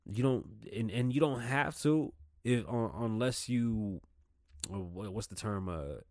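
A man hosting his own show, talking casually and profanely about politics, getting heated and loud as he rants while sipping a drink. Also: fairly low pitch, unhurried, no echo, clean studio sound. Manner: profane, ranting, heats up and shouts when riled. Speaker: podcast host. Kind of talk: casual opinionated monologue.

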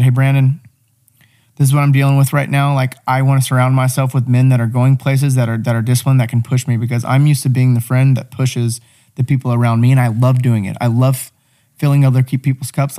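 A man's voice: mid-range voice, level tone, fast, dark tone. Young man, blunt, profane, motivational, casual podcast chat.

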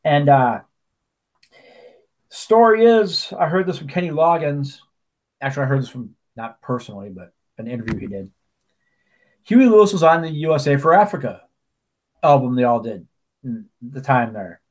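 A man's voice: mid-range voice, lively intonation, moderate pace, long pauses. A man co-hosting a podcast, talking casually and telling stories with plenty of asides and restarts. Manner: chatty storyteller, many restarts and asides. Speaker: podcast co-host. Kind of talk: casual chat.

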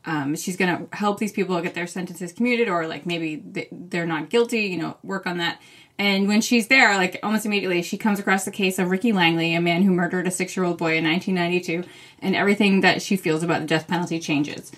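A woman's voice: lowish voice, fairly even intonation, fast, a bit bright. A woman co-hosting a podcast, chatting casually and enthusiastically about new books, laughing easily. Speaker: podcast co-host. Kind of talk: casual book chat.

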